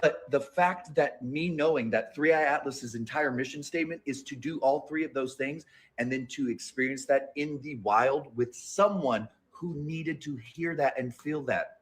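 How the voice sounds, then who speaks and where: Earnest man telling a spiritual story. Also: mid-range voice. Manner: earnest, emphatic, repeats words.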